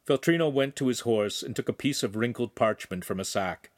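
A man narrating a young adult novel in an even, measured reading voice. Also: medium pitch, no room sound, studio quality. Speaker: audiobook narrator. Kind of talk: scripted story narration.

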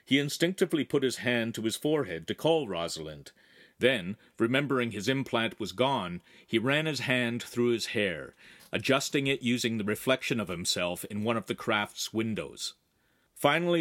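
A man narrating a young adult science fiction novel in measured, even storytelling. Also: mid-range voice. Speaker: audiobook reader. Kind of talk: scripted narration.

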